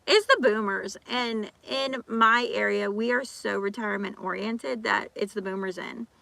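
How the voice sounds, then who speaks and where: A woman's voice: medium pitch, steady tone, vocal fry, bright, forceful tone, no room sound. A woman vlogger in casual chat, ranting animatedly with lots of repeats and acted-out quotes. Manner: talks fast with restarts and repeats.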